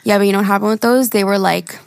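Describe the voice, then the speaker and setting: A woman's voice: medium pitch, fairly even intonation, rapid-fire, creaky, smooth, no room sound. A young woman co-hosting a podcast, talking casually with lots of laughs and eager detail. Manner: chatty, giggly, enthusiastic. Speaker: podcast co-host. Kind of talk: casual chat.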